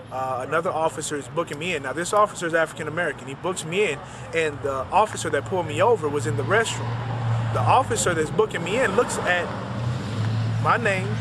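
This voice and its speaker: A man, an author, recounting a personal story and retelling the dialogue in quick back-and-forth. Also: on the high side, background noise.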